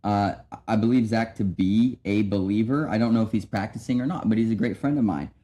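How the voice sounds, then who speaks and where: A man's voice: on the low side, fairly quick, warm tone. A young man hosting a podcast, giving a casual devotional talk with frequent restarts and asides to his listeners. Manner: conversational, many restarts and "right?". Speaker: podcast host.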